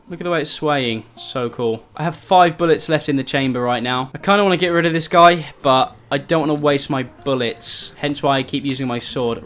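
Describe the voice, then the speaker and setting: A man's voice: a little high, fairly bright tone. A young man giving let's-play commentary on a survival game, easily startled, yelping at enemies and cracking sarcastic jokes. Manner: jumpy, easily startled, yelps and pleads at zombies; jokey, sarcastic asides. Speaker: gaming YouTuber.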